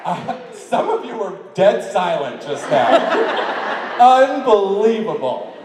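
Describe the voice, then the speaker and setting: Before a loud crowd in a large convention hall, a New Yorker answers fan questions in a casual, chatty Q&A, laughing often and joking at his own expense. His high voice is very animated yet slow, coming through an echoey PA on a distant mic in very noisy conditions.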